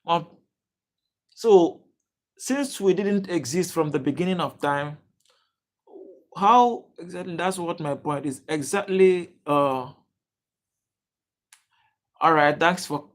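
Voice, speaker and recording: A young man from Nigeria, hosting a casual livestream, reading out viewers' names and restarting his sentences with many fillers. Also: a little high. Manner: halting, many fillers and restarts, addresses chat viewers by name. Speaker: livestream host. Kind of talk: casual live chat reading comments.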